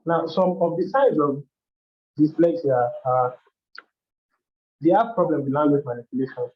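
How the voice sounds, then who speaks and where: A workshop host with a fairly high-pitched voice walks through topics step by step at a moderate pace, in a loose, educational style full of restarts. The recording has a dull, lo-fi sound.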